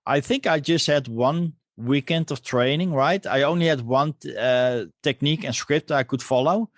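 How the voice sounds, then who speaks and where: A man hosting a coaching podcast, agreeable, pausing on "uh" as he speaks. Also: mid-range voice, no room sound, clean studio sound. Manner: agreeable, with hesitant fillers. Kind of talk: conversational interview.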